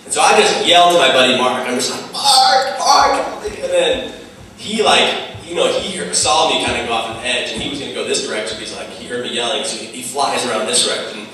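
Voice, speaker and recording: A young man speaking to teens at a retreat, telling a personal story in a casual, animated way full of fillers. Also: mid-range voice, quick pace, slight background noise. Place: large hall. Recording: very echoey hall from far off.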